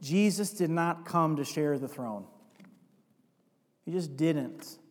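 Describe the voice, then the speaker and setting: Pastor guy preaching, kinda high voice, big echoey hall, gets loud then goes quiet and confessional. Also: slow. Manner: preaching with rising emphatic stretches and quiet confessional asides; reads scripture aloud. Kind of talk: sermon. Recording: long hall reverb.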